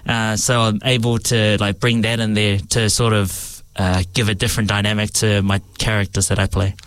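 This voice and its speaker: A man's voice: lowish voice, normal speed, clear, resonant tone. A man from New Zealand's East Coast with a New Zealand accent, a stage actor chatting relaxedly about his roles. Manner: relaxed and chatty, with many fillers and restarts. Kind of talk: casual interview talk.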